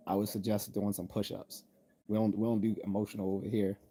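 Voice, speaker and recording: A man's voice: lowish voice, flat delivery, a little fast, warm tone, slightly rough. A man from the United States hosting a live stream, reading viewer chat aloud and answering bluntly with jokes and laughs. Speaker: livestream host reading chat.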